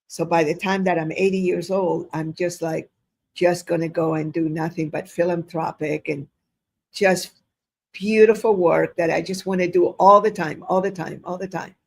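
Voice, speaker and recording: A woman in her seventies speaks as an interview guest. Her voice has a gravelly edge, and she tells stories in an effusive, rambling way over a video call. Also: on the low side, fairly even intonation, normal speed. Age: 70s. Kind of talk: casual interview talk.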